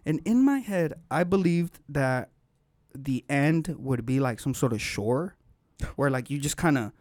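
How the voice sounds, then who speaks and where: A man on a podcast telling a long story in casual chat, animated and full of slang and swearing. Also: medium pitch, a little slow, no room sound.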